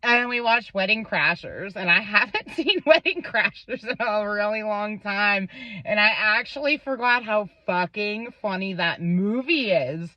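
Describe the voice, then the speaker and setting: A woman's voice: mid-range voice, animated, a little slow, dry recording. A young woman vlogger telling a personal story, rambling, swearing often and stumbling over her words. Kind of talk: emotional storytelling to camera. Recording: dull lo-fi sound.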